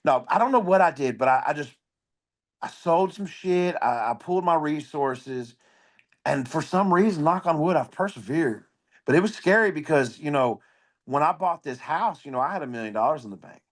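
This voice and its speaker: A man's voice: fairly high pitch, normal speed. A man, a comedian, talking as a podcast guest, telling blunt, profane stories in casual conversation. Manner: blunt, profane, animated storyteller. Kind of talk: casual storytelling interview.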